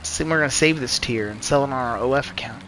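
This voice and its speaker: A man streaming a racing game live, talking in a rambling, profane and excitable way. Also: medium pitch, fast talker, a little hiss or hum, rough recording. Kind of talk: live gameplay commentary.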